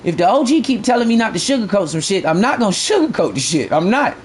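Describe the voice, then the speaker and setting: A man's voice: high-pitched, big pitch swings, fast talker, slight background noise. A man streaming a fishing game live, ranting bluntly and profanely to his chat and repeating his points.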